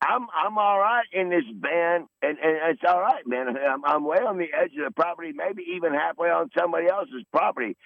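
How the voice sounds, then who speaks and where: A man's voice: a little high, expressive, a little fast, creaky, few pauses, dry recording. Brief: man, 60s, podcast regular caller; profane, boastful rambler; tinny phone audio. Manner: combative, swearing, boastful. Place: in his van.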